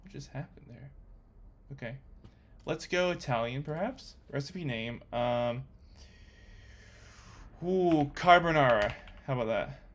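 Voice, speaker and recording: Excitable young man thinking aloud. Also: mid-range voice, moderate pace. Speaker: coding vlogger. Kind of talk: casual screen-recorded coding commentary.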